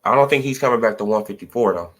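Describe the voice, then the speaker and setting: A man's voice: on the low side, rapid-fire, a bit bright. A man hosting a casual livestream, talking in loose slang with plenty of swearing and filler words. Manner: slangy, profane, rambling talk with lots of "bro" and "man". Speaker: livestream host. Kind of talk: casual livestream commentary on boxing.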